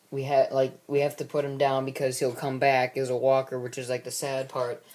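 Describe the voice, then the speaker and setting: Guy rambling thru a plot recap, lots of ums and uhs, mid pitch. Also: darkish tone. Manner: rambling, with many ums and restarts. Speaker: amateur film maker recapping his series. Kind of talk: casual recap of a story.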